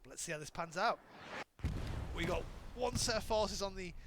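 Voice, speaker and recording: A man giving live play-by-play commentary on an online shooter match, excitable and often correcting himself mid-sentence. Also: high voice, moderate pace. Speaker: game commentator. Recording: noisy with gunfire in background. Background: game gunfire and ambience.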